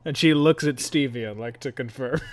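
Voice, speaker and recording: A man narrating as game master of a tabletop game, jokey and quick to laugh. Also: mid-range voice.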